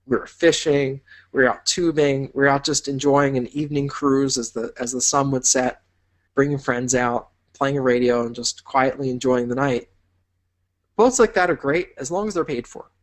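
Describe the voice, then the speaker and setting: A man's voice: mid-range voice, fairly even intonation, normal speed. A man teaching a business course in an upbeat, encouraging way, painting vivid imagined scenes for the listener. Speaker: business instructor. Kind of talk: motivational teaching talk.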